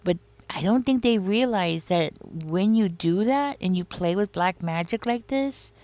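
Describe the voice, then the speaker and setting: A woman gives an animated yet unhurried tarot reading in a mid-range, slightly mellow voice, with no room sound. She rambles casually and confides in the listener, addressing them directly and using lots of "like" and "you know."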